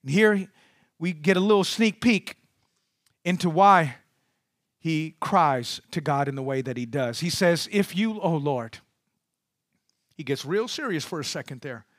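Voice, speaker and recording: A man preaching with a high, bright, ringing voice. He swings from loud, soaring calls down to hushed near-whispers. The sound is dry and close. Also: animated, moderate pace, no echo. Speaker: pastor. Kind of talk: sermon.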